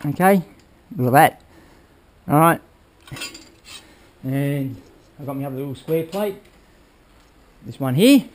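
A man's voice: on the high side, animated, slow pace, long pauses. Chatty man explaining his bike build. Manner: rambling, hands-on, addresses viewers with "all right?". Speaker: motorbike build vlogger. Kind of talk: casual workshop how-to talk.

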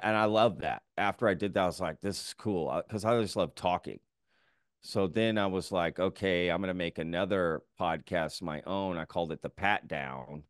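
A man's voice: deep voice, no room sound, clean studio sound. A man who hosts his own podcast, talking as a guest in an enthusiastic, laid-back way. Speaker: podcast host appearing as a guest. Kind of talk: casual conversation.

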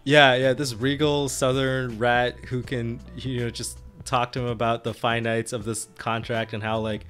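A man's voice: medium pitch, flat delivery, normal speed, a bit bright, faint music behind. A man co-hosting a podcast, recapping a tabletop game in casual chat, laughing often and rambling with lots of fillers. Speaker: podcast co-host and player.

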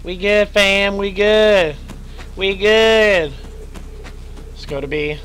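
Young male streamer, high bright voice going hoarse, chatty, yelps at scares, faint hum behind. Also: steady tone, takes it slowly, poor audio. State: losing his voice, stuffy nose. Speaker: streamer playing a horror game. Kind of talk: live gaming commentary.

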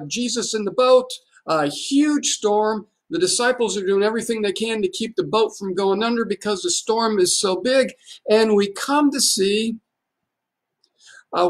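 A male pastor giving a livestreamed sermon, telling a story in a conversational, folksy way full of rhetorical questions. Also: high-pitched.

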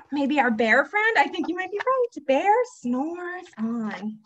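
High, sing-song children's librarian, young woman. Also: muffled recording. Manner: slow, sing-song, animated read-aloud with whispered shushes. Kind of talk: toddler storytime. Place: library program room.

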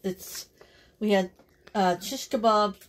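A woman's voice: mid-range voice, steady tone, slow pace. A woman hosting a casual home vlog at a cottage, chatting straight to her viewers. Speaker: vlogger. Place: family cottage. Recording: noisy home video recording.

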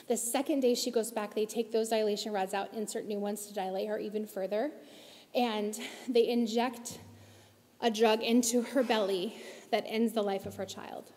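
A woman addresses a church congregation in a large church auditorium, giving an impassioned, emotional talk and pressing her points with urgent emphasis. Her voice is fairly high with a darkish tone, and the recording has the auditorium's long hall reverb.

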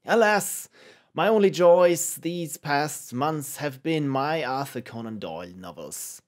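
A man's voice: on the high side, lively intonation, slow pace. Eager young sailor first mate reading his letter, a guy doing a bad british accent, voice bouncing up and down a lot. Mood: earnest. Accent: poor put-on British.

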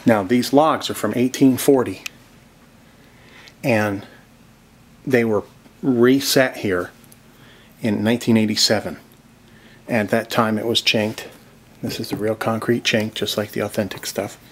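In a lowish voice with fairly even intonation, a man speaks at a measured pace and pauses often, with a little hiss or hum in the audio. He's a real estate vlogger chatting eagerly to the viewer on a walking tour by a creek, whispering softly inside the log cabin.

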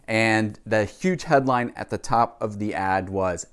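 A man's voice: lowish voice, unhurried, clean tone. A man chatting casually to camera about music he bought, rambling with asides and fillers. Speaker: vlogger, record collector. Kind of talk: casual music haul vlog.

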